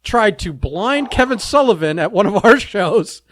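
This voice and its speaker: A man's voice: high voice, expressive, measured pace, fairly bright tone. A man co-hosting a casual podcast chat, ranting bluntly and with a lot of swearing between bursts of laughter. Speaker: podcast co-host.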